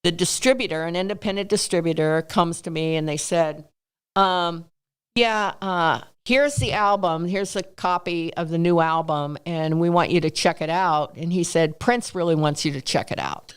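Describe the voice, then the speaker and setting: A woman's voice: on the low side, normal speed, clean tone. A woman in a casual podcast interview, telling stories and acting out what people said in a raised voice. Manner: animated storyteller, acts out quotes in raised voice.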